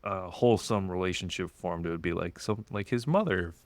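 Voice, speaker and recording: Male podcast host, lowish voice, dry close sound, hesitant and laid-back. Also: brisk, no room sound. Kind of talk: casual chat.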